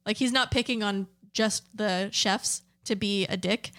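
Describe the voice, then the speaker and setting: A young woman co-hosting a podcast, chatting casually in an animated, giggly way and swearing freely. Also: mid-range voice, a little slow. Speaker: podcast co-host. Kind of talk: casual chat.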